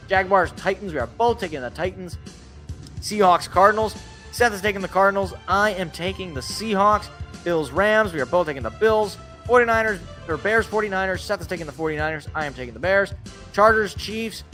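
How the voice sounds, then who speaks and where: A man hosting a casual sports talk show, rambling and correcting himself, his voice worn out from yelling. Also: high voice. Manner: rambling, self-correcting, laughs at own jokes. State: voice feels worn out. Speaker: sports podcast host.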